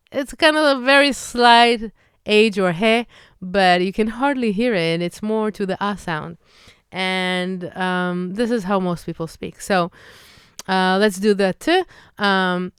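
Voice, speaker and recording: A woman with an Israeli accent, a Hebrew teacher, slowly demonstrating vowel sounds in a pronunciation lesson. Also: medium pitch, fairly bright tone, clean tone, no room sound, clean studio sound. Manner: slow, demonstrative, drawn-out vowel drills.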